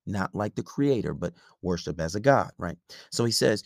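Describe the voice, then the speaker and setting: A man's voice: deep voice, animated, moderate pace, vocal fry, no echo, studio quality. A man hosting a podcast, giving relationship advice in a blunt, profane, rambling casual monologue.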